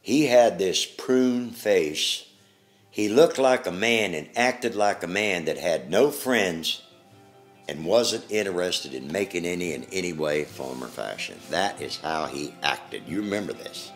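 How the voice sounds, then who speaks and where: An older man recounting his memories in an interview, plain-spoken and halting, with pauses and restarts. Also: low voice, animated, faint music behind.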